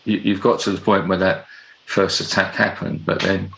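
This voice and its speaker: A man interviewing a guest, asking halting questions and giving brief affirming replies. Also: deep voice, fairly even intonation, vocal fry, fairly bright tone, a little hiss or hum, poor audio. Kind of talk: conversational interview.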